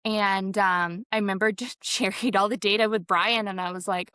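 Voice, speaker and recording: A woman's voice: mid-range voice, steady tone, normal speed, pushed and bright, smooth, no echo, studio quality. A woman guest telling her story in a rambling conversational way, full of fillers, and acting out what people said. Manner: rambling, many fillers, acts out quotes. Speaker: podcast guest. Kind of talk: conversational interview.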